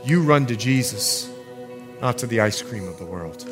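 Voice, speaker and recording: A man preaching a sermon as pastor, building to emphatic outbursts and easing into soft, quiet appeals. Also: mid-range voice, expressive, moderate pace, over music.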